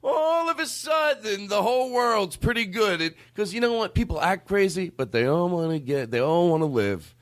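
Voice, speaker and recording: A man hosts a comedy podcast in loose, casual chat. His voice sits a touch high. He rambles and wanders off on tangents. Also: animated, normal speed, few pauses. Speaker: podcast host.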